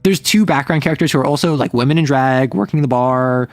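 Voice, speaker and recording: A woman's voice: very deep voice, a little fast, darkish tone, no echo, studio quality, faint music behind. A woman streamer chatting casually about romance stories, rambling with lots of fillers and briefly acting out quoted lines.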